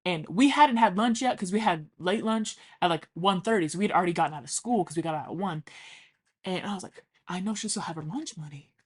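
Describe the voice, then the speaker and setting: A woman's voice: fairly low pitch, a little fast, slightly rough. Chatty young woman telling stories. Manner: chatty, swears freely, acts out quotes. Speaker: vlogger. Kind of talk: casual storytelling.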